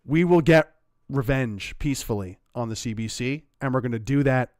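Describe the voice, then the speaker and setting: A man from Canada giving sarcastic, animated commentary while reacting to a news clip. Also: mid-range voice, normal speed, no room sound, clean studio sound. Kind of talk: casual political commentary.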